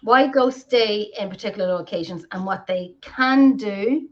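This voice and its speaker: A woman's voice: mid-range voice, measured pace, highs cut off. An Irish woman co-hosting a live video podcast, talking casually and rambling with many restarts. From Ireland. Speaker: podcast co-host. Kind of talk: casual chat. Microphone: video call.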